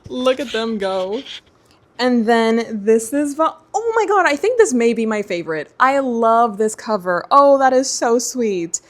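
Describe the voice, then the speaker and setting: A young woman talks casually through a book haul unboxing, gushing and excitable. Her voice sits a little high and often jumps up with delight. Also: measured pace. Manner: gushing and excitable, many exclamations. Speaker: booktuber.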